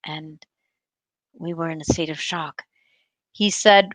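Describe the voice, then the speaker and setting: A woman's voice: low-pitched, steady tone, slow, dry recording. A woman hosting a health show, earnestly telling a personal story to viewers and retelling the dialogue within it. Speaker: show host and doctor.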